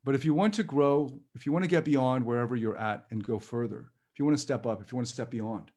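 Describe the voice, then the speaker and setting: A man leading a live-streamed personal growth workshop, talking in a gentle, reassuring and chatty way with light laughs. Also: mid-range voice, fast.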